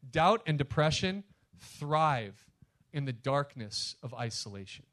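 A male pastor preaching a sermon, talking to the congregation directly and emphatically, swinging between loud punches and hushed asides. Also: mid-range voice, animated, slow.

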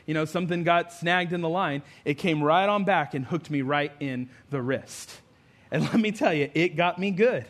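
Man preaching a conversational sermon. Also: a little high. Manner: conversational storytelling, emphatic rising build-ups. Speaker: pastor.

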